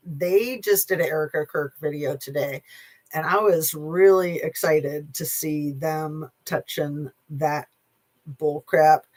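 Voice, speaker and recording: A channel host giving casual opinion commentary, sarcastic and blunt, rambling with filler pauses and casual swearing. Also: medium pitch, fairly bright tone.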